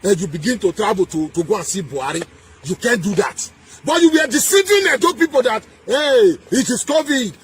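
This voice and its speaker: A man with a Nigerian accent delivering a heated political rant, emphatic and repetitive, with sing-song rises and shouted bursts. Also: high-pitched, animated, fairly quick, slight background noise. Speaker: political commentator.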